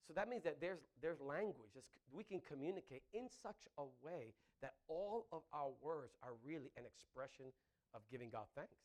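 A man preaching a sermon, animated and laughing between phrases, often asking the congregation "Amen?". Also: sits high. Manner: breaks into laughter mid-sentence.

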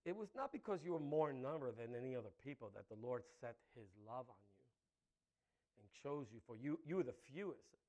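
A man preaching a sermon with passion, moving between loud emphatic lines and soft, intimate ones, laughing between points. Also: mid-range voice, lively intonation, a little fast. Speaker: pastor.

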